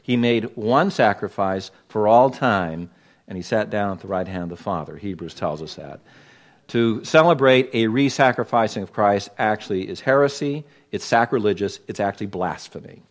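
A Los Angeles pastor preaches to his congregation in a lowish, expressive voice at normal speed. His delivery is pointed and emphatic, leaning hard on key words with sudden loud stresses.

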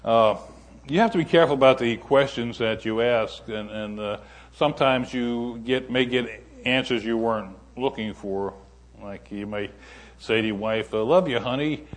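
An older man as a guest preacher, delivering a sermon in a folksy, unhurried way, telling stories with many pauses. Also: medium pitch, fairly even intonation.

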